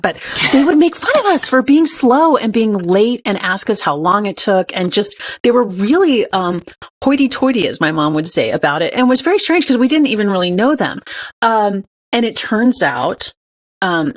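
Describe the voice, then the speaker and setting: A woman, a podcast guest and author, telling stories in an earnest, upbeat conversational way. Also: mid-range voice. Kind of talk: conversational interview.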